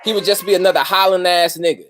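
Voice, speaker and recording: This man's high, slightly bright voice races along with fairly even intonation while he hosts a casual livestream. He greets people by name and talks in loose street slang, swearing a lot.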